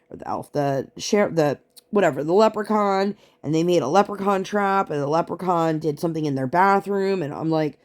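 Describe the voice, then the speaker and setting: Low-voiced chatty exasperated woman. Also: darkish tone. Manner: chatty and exasperated, full of "like" fillers. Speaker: vlogger and parent. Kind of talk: casual chat while crafting.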